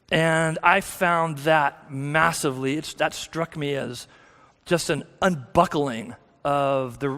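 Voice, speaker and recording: In a church sanctuary with long hall reverb, a guest speaker shares a frank, self-mocking personal testimony, restarting often. His mid-range voice has vocal fry and a fairly bright tone.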